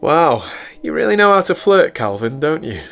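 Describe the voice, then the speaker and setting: A woman's voice: deep voice, sing-song, normal speed, creaky, voice pushed up, exaggerated voice. A man voicing a playful young female physicist who teases her partner. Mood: teasing. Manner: playful, teasing. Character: teasing young American woman physicist.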